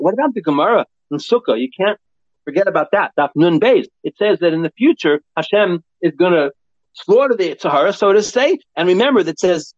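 A man's voice: high-pitched, dry recording. A man giving a Torah lecture, asking and answering his own questions and acting out the voices he quotes. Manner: animated, acts out quoted voices, asks and answers himself. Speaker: Torah teacher. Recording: dry, dull lo-fi sound.

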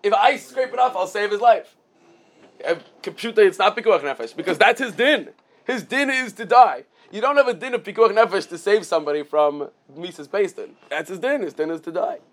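A man's voice: high voice, expressive, fairly quick. A man teaching a casual Talmud class, explaining with everyday examples and often restarting his phrases.

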